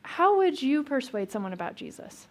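A woman pastor delivers a sermon in a relaxed, conversational way. She asks her listeners questions and slips in small jokes. Her voice sits a little higher than most. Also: normal speed.

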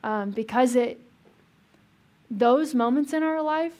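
A woman with a somewhat higher-than-usual voice delivers a laid-back sermon, speaking slowly with long pauses. She asks her listeners questions and drops in small jokes.

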